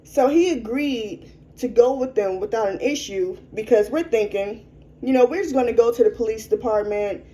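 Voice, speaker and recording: A woman's voice: on the high side, mellow, low-quality recording. A young adult woman telling a personal story frankly as an interview guest, in a conversational way. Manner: frank, conversational, quick to vent.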